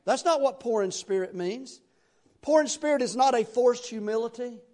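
A man with a strikingly high voice preaches a sermon from the pulpit. He talks to his congregation in a folksy, conversational way and keeps asking them rhetorical questions. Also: animated, normal speed, dark tone.

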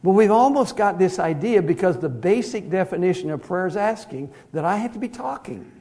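Hushed-to-booming male preacher. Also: animated, brisk, few pauses. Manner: conversational, swings from hushed to loud emphatic. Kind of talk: sermon.

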